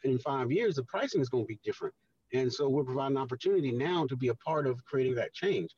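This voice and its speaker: Man, husky voice, off-mic, dull sound, earnest, explaining. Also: mid-range voice, animated, fast talker, a little mellow, no echo, distant mic. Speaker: guest, housing redevelopment official. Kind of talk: radio interview talk.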